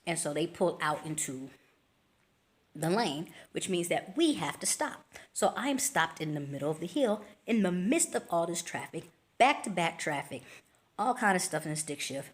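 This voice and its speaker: A woman with a somewhat low voice tells a story casually in her vlog. She talks in slangy, expressive bursts and acts out the scene with sound effects and quick little voices. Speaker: travel vlogger.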